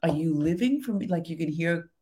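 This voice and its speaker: A woman's voice: low voice, expressive, a little fast, warm tone. A woman in casual conversation about faith and marriage, earnest and encouraging, thinking aloud as she goes.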